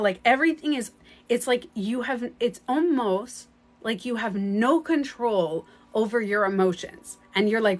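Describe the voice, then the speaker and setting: A woman's voice: fairly high pitch, unhurried. A woman with a light French accent, talking casually on a live stream as a spiritual coach, chatty and rambling, often laughing. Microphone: phone.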